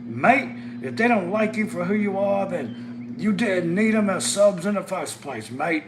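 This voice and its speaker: A man voicing a reassuring, laid-back adult Australian buddy, with a put-on Australian accent and a higher, louder voice than his own. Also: expressive, unhurried, noisy background.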